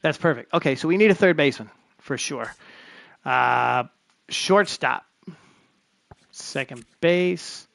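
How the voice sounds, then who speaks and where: This gaming streamer gives live commentary on a baseball management game, talking to himself in a chatty way as he sorts through his roster. His voice is fairly high, slow and gravelly, slightly bright, with frequent pauses and no room sound.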